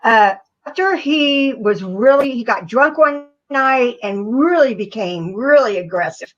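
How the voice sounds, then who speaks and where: A middle-aged woman talks in a halting, plain-spoken way with a slightly higher voice. The audio is muffled and lo-fi, like a call recording. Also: animated. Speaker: guest. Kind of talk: casual call interview.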